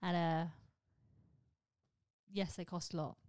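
A woman's voice: lowish voice, level tone, takes it slowly, darkish tone, smooth, no room sound. A woman hosting a podcast, chatting in a candid, rambling way and swearing offhandedly. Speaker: podcast host. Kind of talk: casual podcast chat.

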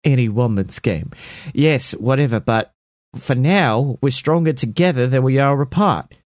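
A man voicing a shifty, smooth-talking frontier rogue making a rushed, wheedling pitch. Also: a little mellow, dry recording, clean studio sound, natural voice. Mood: persuasive. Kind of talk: brainstorm role-play.

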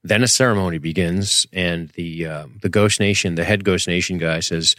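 A man's voice: deep voice, fairly even intonation, fairly quick, hardly any pauses, a bit bright, no room sound, clean studio sound. A man co-hosting a podcast, recapping an episode in loose, joking, profane chat. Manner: joking, profane, acts out quotes from the show. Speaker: podcast co-host.

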